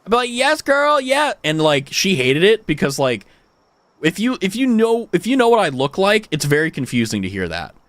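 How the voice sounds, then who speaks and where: A man's voice: a little high, moderate pace, dry recording. A young adult man with an American accent, a streamer telling stories in casual chat with his viewers, full of fillers and swearing. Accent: General American. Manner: animated storytelling, frequent swearing, many fillers.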